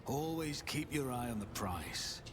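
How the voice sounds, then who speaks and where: An actor voicing an aloof male character in a sci-fi video game, with a cool, dismissive delivery, set in long reverb over a faint rumble. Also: expressive, unhurried, lightly acted. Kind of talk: voiced game dialogue.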